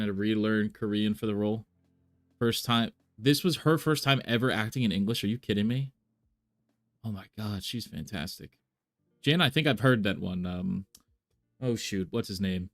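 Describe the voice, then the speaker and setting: A man's voice: fairly low pitch, normal speed, long pauses. A man chatting casually on a live stream, thinking aloud with many fillers and restarts. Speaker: reaction streamer.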